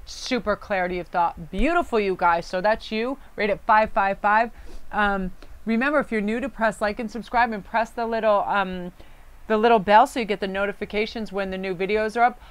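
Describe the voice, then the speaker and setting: A woman's voice: mid-range voice, moderate pace, smooth. A woman hosting a casual pick-a-card reading, chatty and effusive, addressing viewers directly and reading card meanings aloud. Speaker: tarot card reader.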